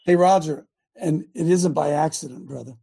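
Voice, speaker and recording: Gravelly, fervent talk radio host man. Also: on the high side, moderate pace, mellow. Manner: fervent, preachy, rhetorical questions.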